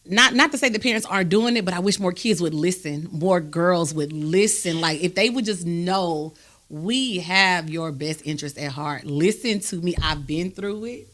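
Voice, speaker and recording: A woman, hosting a podcast and telling a personal story in a candid, animated, emphatic way. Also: on the low side, normal speed. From Texas, USA. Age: adult, raised a grown son. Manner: emphatic and animated, with frequent "do you understand me?". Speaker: podcast host.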